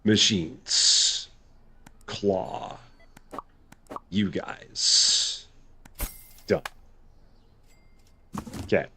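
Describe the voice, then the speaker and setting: A man's voice: low-pitched, fairly even intonation, drawn-out words, pauses often, bright, forceful tone, a little hiss or hum. A man giving casual live gameplay commentary as a streamer, chatty and good-humored, thinking aloud. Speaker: game streamer.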